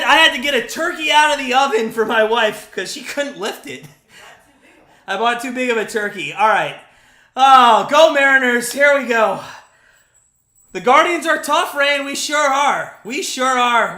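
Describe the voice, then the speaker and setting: Excitable thirty-something male fan caller, bright high voice, winded, roomy echo. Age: 30s. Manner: excitable, swings between hyped calls and grumbling. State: out of breath. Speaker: live stream play-by-play host. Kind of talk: live fan play-by-play reaction stream.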